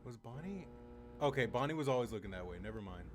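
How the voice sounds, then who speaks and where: A man's voice: medium pitch, animated, fast talker, a little hiss or hum. Foul-mouthed young man reacting. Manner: swears freely, yells at the screen. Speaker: reaction video host. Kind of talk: profane comedic reaction commentary.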